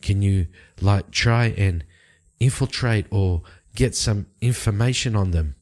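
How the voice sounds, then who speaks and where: A man's voice: lowish voice, unhurried, a little mellow, lightly acted. A man voicing an urgent female informant who asks an old ally for help and explains things in earnest, rambling bursts.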